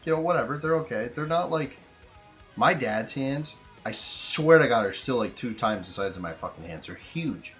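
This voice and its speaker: A young man co-hosting a casual podcast chat, telling profane, animated stories. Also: mid-range voice, normal speed, faint music behind. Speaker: podcast co-host.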